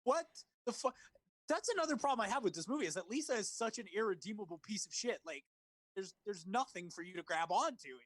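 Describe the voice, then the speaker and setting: A man co-hosting a casual movie podcast, talking over a remote call. His voice swings widely in pitch as he gets worked up, swearing and laughing. The sound is dry, with no room echo. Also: fast talker. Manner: animated, swearing, laughs, mimics lines. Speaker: podcast co-host. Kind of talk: casual movie review chat. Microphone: remote call recording.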